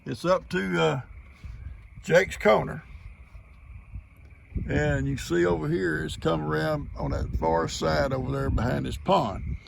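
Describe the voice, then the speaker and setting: A man's voice: a little high, fairly even intonation, a little slow, creaky, long pauses, background noise. A man with a Southern US accent, outdoors by flooded fields, giving an easygoing, plain-spoken video update. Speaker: farm video host.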